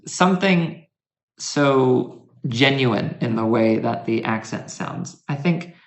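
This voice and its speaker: Gravelly American man in a roomy space. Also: mid-range voice, animated. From United States. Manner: easygoing, chatty, slow and thoughtful. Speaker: guest lecturer. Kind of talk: casual conversational talk.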